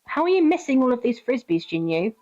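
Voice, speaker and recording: A young woman live streaming, chatting casually and gently reassuring her viewers with advice. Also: on the high side, sing-song, brisk. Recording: dull lo-fi stream audio.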